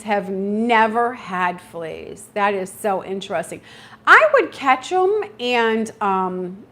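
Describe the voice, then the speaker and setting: A middle-aged woman hosts a casual homesteading livestream and chats freely with her viewers. Her voice sits fairly high and swings widely in pitch as she acts out her own reactions. She sounds animated and talkative throughout. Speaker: homesteading channel host.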